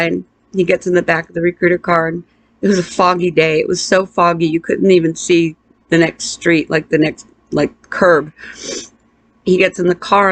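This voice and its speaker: A middle-aged woman tells a painful personal story, halting and emotional, with restarts and pauses. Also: fairly low pitch, creaky, dry recording. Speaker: interviewee.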